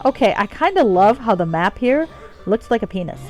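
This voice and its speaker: A woman streaming a game and chatting casually, jokey and quick to laugh. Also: a little high, very animated, a little mellow, low-quality recording. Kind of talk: casual gameplay commentary. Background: faint game music.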